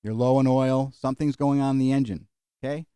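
A middle-aged man preaching in a mellow, warm voice. He is folksy and animated, with jokes and acted-out asides. The recording is dry and close. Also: medium pitch, fairly quick, smooth, dry recording. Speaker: pastor. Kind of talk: sermon with closing prayer.

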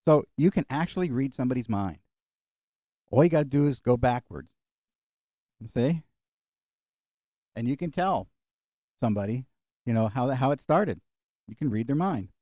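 A middle-aged man preaching in a mellow, warm voice. He is folksy and animated, with jokes and acted-out asides. The recording is dry and close. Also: medium pitch, no echo. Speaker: pastor. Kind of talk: sermon with closing prayer.

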